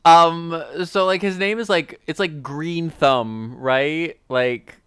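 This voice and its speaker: A man's voice: a little high, slow, a bit bright, clear, resonant tone, dry recording, studio quality. A man co-hosting a podcast in casual comedic chat, teasing his partner with crude jokes. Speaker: podcast co-host.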